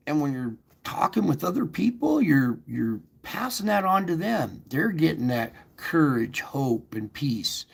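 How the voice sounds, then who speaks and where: A man with a rough, gravelly edge speaks earnestly and conversationally, like a host giving spiritual encouragement online. His voice has a husky, breathy grain. He pushes up into emphatic rises and often restarts his sentences mid-thought. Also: on the high side, sing-song, measured pace, hardly any pauses. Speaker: host of an online faith show.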